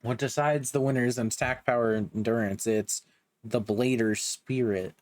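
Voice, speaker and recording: A man's voice: mid-range voice, fairly even intonation, normal speed, dry recording. A young man giving a casual, joking recap of a manga, with slangy asides. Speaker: manga reviewer.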